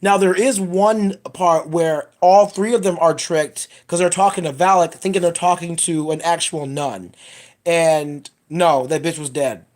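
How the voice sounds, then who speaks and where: A woman's voice: on the low side, steady tone, unhurried, darkish tone. A woman giving a casual spoiler review of a film, blunt, profane and rambling as she retells scenes. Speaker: movie reviewer.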